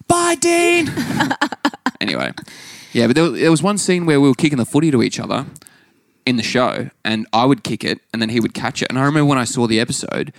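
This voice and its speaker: A man's voice: medium pitch, vocal fry, no room sound, studio quality. A man, a podcast guest who tells wry stories and swears casually. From Australia. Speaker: guest, psychologist and actor. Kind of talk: casual interview chat.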